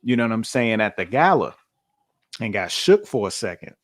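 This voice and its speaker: A man's voice: on the low side, sing-song, moderate pace. A man co-hosting a podcast in casual chat, loose and conversational, with many fillers and restarts. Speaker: podcast co-host.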